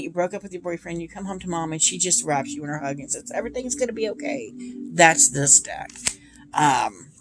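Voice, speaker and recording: A woman in her thirties chatting casually and gushing about her tarot decks, with many ums. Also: on the low side. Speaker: tarot deck reviewer. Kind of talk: casual chat. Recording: noisy home recording.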